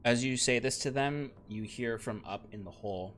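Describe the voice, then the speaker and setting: A man's voice: medium pitch, normal speed, fairly bright tone, soft background music. A man narrating as game master of a tabletop game, rambling with many fillers.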